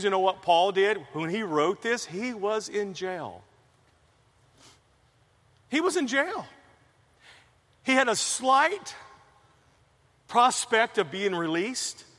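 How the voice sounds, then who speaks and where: A man's voice: high-pitched, pushed and bright. A man preaching a sermon in an emphatic way, repeating key phrases and telling personal stories. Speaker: pastor. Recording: long reverb of a large hall.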